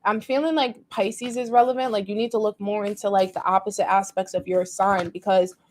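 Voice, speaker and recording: Woman tarot reader, mid-pitched, chatty and emotive, lots of fillers. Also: steady tone, brisk, a little mellow. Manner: rambling and emotive, heavy use of "like". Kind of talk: casual tarot reading to viewers.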